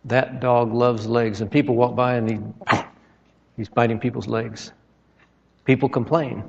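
A man's voice: medium pitch, flat delivery, unhurried, vocal fry, a little mellow, slightly rough. A man preaching a sermon, telling stories with dramatic retellings and emphatic outbursts. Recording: echoey hall, dull lo-fi sound.

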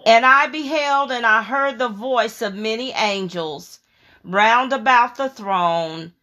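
A woman preacher delivers a sermon with fervent emphasis, leaning on repeated phrases. Her voice is bright and forceful, and she takes her time, stretching out her words. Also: a little high. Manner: reads scripture in a slow, measured cadence.

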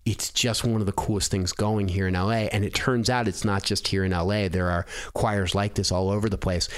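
Low-voiced earnest male podcast host. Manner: rambling, filler-heavy, earnest. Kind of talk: casual podcast monologue.

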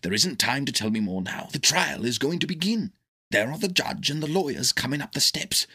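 A man voicing a kindly, eccentric older male doctor in a storybook reading, brisk and earnest. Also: mid-range voice, sing-song, pushed and bright, slightly rough, pitched above the performer's own voice, heavily acted. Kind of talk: audiobook character reading.

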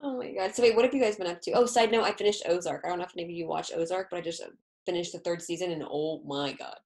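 A woman guest in a casual podcast chat, animated and gushing in quick bursts. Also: on the low side.

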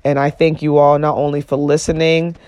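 A man's voice: a little high, flat delivery, brisk, darkish tone, lo-fi sound, slight background noise. A young man hosting a solo podcast, talking earnestly and casually with lots of "you know what I'm saying" fillers, rising when he stresses a point. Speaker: podcast host.

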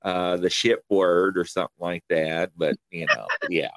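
A man's voice: low voice, normal speed, dry recording. A man from Kentucky with a country accent, hosting a casual interview chat and telling stories with frequent chuckles. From Kentucky, USA. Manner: animated storyteller, chuckles often. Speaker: podcast host.

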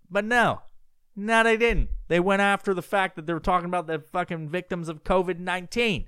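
A podcast host doing a comedic rant, profane, loud and mocking as he reads news aloud. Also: sits high, a little fast, clear, resonant tone, no echo.

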